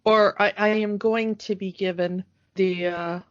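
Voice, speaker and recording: In casual chat on a nostalgic podcast, a female co-host speaks at a medium pitch with fairly even intonation and an unhurried pace. She's hesitant, uses lots of fillers, and laughs easily. The recording is dry and dull, from a lo-fi podcast mic with no room sound.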